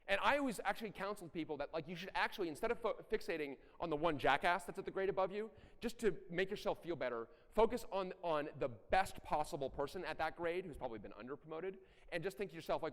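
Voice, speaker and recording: Fast, animated man giving a conference talk. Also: sits high. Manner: animated, profane, self-deprecating storytelling. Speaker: conference speaker. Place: large conference hall. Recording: echoey hall.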